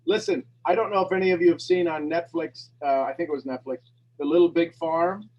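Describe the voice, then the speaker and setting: A man's voice: on the high side, slight background noise. Guy hosting a morning call, affectionate and rambly, dull muffled call audio. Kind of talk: casual heartfelt chat.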